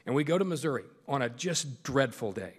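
A man's voice: mid-range voice, expressive, a little fast, breathy edge, big-room sound. A man giving a humorous storytelling speech as a guest speaker, full of self-deprecating jokes. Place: large meeting hall.

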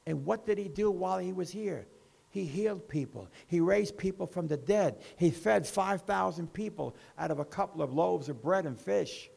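A man preaching a sermon as pastor, with slow emphasis that rises and falls. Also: high voice, creaky, a little mellow, slightly rough.

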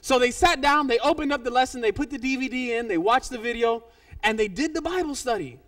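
A male pastor telling a story in a sermon, animated, with his loudness rising and falling. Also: extremely high pitch, a little fast, recorded from a distance.

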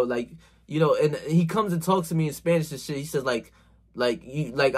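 Man, husky, a bit high-pitched, casual vlog storytelling, slangy, swears a lot. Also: moderate pace. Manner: animated, profane, slangy. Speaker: vlogger.

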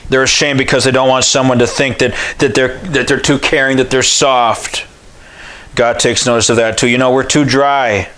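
Impassioned preacher man with a bright voice. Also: medium pitch, level tone, normal speed, low-quality recording. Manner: impassioned, rising to shouts on repeated phrases; folksy and conversational. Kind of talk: revival sermon.

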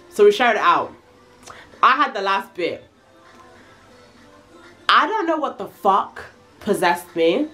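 A young woman telling a casual, slangy storytime, animated and full of swearing. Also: medium pitch. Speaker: vlogger.

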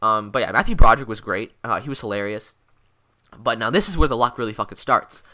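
A teenage boy in his mid-teens telling a rambling, excitable story in a casual vlog, swearing constantly and filling gaps with "like" and "um". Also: fairly low pitch, fast. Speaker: vlogger.

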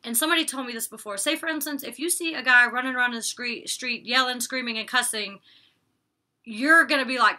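A young woman talks straight to camera in a loose, opinionated vlog recap. Her voice is very bright and a little high. She swears casually and slips into quick impressions of the people she is talking about. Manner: chatty and opinionated, recaps scenes with quoted lines, curses casually. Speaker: reality show reviewer.

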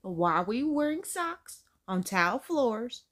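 Woman reaction host, casual and incredulous, higher voice, very lively pitch. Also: unhurried. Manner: chatty, incredulous, talks straight to viewers.

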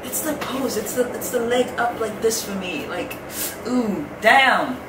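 A woman's voice: fairly high pitch, animated, measured pace, distant mic, noisy background. Gushing young woman in an echoey room. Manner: gushing, exclaims often, chatty asides. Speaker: reaction video host. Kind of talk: excited casual reaction chat. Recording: echoey room, voice off-mic, loud music. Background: music from the video.

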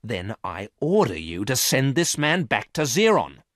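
A man's voice: mid-range voice, big pitch swings, unhurried, no echo, clean studio sound, pitched above the performer's own voice. A man reading a story aloud and voicing an angry young woman who barks orders sharply and coldly. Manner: sharp, cold, commanding.

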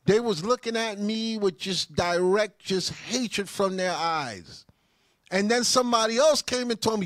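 A man's voice: high-pitched, a little slow, no room sound, studio quality. A man, a deacon, reading viewer comments on a livestream and answering them in an emphatic way that rises to fervent bursts. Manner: emphatic, rising to fervent bursts when stirred. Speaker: deacon answering live chat.

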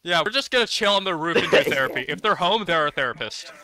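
A young man streaming a multiplayer game, joking loudly with friends in casual chat. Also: fairly high pitch, fast. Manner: loud, joking, excitable. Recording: noisy game chat with background noise.

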